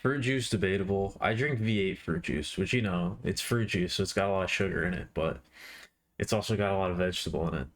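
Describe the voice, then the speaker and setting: A man's voice: sits low, quick pace. A man streaming live while he draws, chatting casually and playfully with viewers. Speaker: art streamer.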